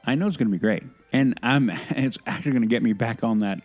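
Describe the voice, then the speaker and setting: A man's voice: mid-range voice, a little mellow, faint music behind. A man co-hosting a podcast in casual chat, opinionated and earnest, often restarting his sentences. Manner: halting, many restarts and self-corrections. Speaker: podcast co-host.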